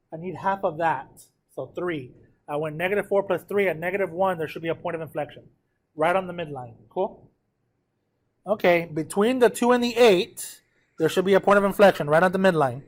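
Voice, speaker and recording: A man's voice: high-pitched, darkish tone. A man teaching a math class, walking students through a graph step by step, counting numbers aloud and often checking that they follow.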